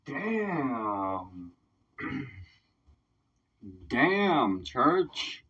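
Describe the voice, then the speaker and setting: A man hosting a casual reaction video, excitable, swearing freely and leaning on "like" as he thinks aloud. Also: mid-range voice, drawn-out words, husky. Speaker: reaction video host, independent artist. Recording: dull sound, slightly distant mic.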